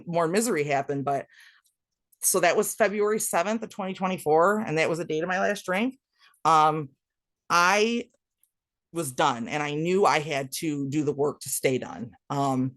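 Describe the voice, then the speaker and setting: A woman's voice: sits low, dry recording. A woman speaking as a podcast guest, telling her recovery story in a raw, blunt way, swearing freely and talking straight to the listeners. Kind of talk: candid storytelling monologue.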